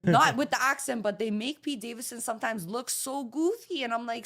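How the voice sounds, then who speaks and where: A woman on a podcast telling animated anecdotes with casual slang. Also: on the high side, brisk, creaky. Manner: animated storytelling.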